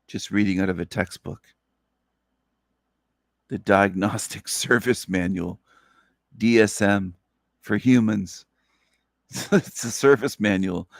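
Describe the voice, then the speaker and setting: Sleepy man hosting a solo spiritual talk, low gravelly voice, dry close sound, slow earnest delivery. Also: dry recording. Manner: slow, earnest, repetitive phrasing. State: sleepy, up all night. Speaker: channel host.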